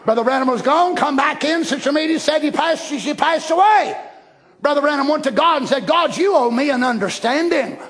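Man preaching, very high voice, folksy and fiery, shouts often. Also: brisk. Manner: animated, shouting bursts, folksy asides. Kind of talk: Pentecostal-style sermon.

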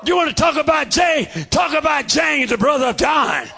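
A man preaching a fervent revival sermon in a church, shouting in a steady preacherly cadence. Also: extremely high pitch, normal speed, vocal fry, some chatter behind, slight background noise. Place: church sanctuary.

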